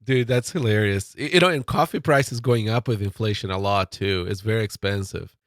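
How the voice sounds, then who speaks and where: A man's voice: lowish voice, fairly quick, no echo. Male podcast guest, stuffy nasal voice from a cold, rambling casual talk, dry sound. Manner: loose, rambling, laughing often.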